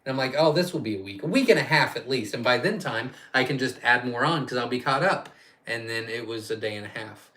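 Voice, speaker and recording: A man's voice: medium pitch, a little fast, bright, forceful tone. A man hosting a casual live-stream Q&A as a quail farm owner, chatty and rambling, reading viewer questions aloud and answering off the cuff.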